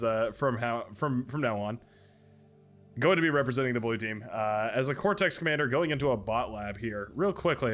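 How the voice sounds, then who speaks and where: A man's voice: mid-range voice, fairly bright tone. A man hosting his gaming channel, casually commentating a strategy game match, chatty and upbeat, sometimes tripping over names and laughing. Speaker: gaming channel host and caster.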